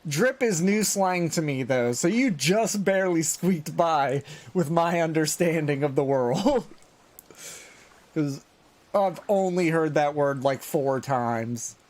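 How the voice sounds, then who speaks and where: Enthusiastic streamer, slightly high voice. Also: male voice, lively intonation, takes it slowly. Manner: enthusiastic, chatting with viewers. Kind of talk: casual gameplay commentary.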